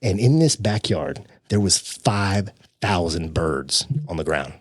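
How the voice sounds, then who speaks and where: A man telling a personal story as a podcast guest in an earnest, animated, casual way. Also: low-pitched, slow, dry recording, studio quality. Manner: earnest, animated storyteller who says "dude".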